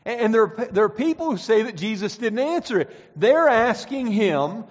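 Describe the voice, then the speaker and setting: A man's voice: high-pitched, lively intonation, fairly quick. A man preaching a sermon, reading scripture aloud and pressing his points with emphatic, rising and falling delivery. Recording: dull sound with long hall reverb.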